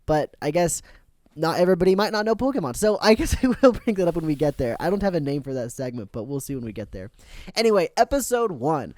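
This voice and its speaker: Animated higher-voiced man recapping episodes. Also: fast talker, no echo, studio quality. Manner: animated storytelling, laughing often. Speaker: podcast host. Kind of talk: casual chat recapping episodes.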